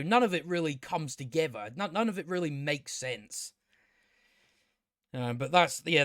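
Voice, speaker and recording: A man with a fairly high voice rants through a casual episode review, sarcastic and fed up. He swears freely and trips over his own restarts. The recording is close and dry, with no room sound. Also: fairly bright tone, dry recording. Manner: exasperated, sarcastic, swears often, stammers on restarts. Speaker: TV review host.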